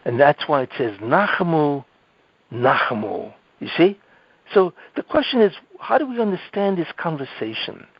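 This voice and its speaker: A man's voice: a little high, big pitch swings, a little slow, breathy edge, no room sound. A man giving a Torah lecture as a rabbi, teaching through rhetorical questions and often asking "you see?". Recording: dull lo-fi audio.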